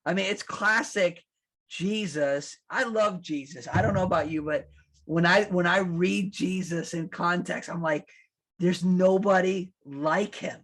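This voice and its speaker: A man preaching a sermon as pastor, conversational and animated, acting out quotes and restarting his sentences. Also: high voice, unhurried. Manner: animated, acts out quotes, laughs at his own lines.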